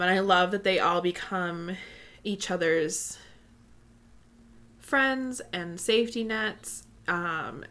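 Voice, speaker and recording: A woman's voice: fairly low pitch, fairly bright tone. A woman co-hosting a casual book discussion, enthusiastic and chatty with many fillers. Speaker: podcast co-host.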